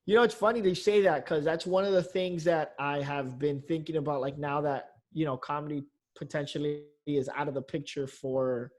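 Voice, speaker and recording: A man's voice: a little high, steady tone, moderate pace. A man, a comedian, chatting casually on a podcast in a loose, rambling way, full of fillers and the odd curse. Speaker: comedian guest.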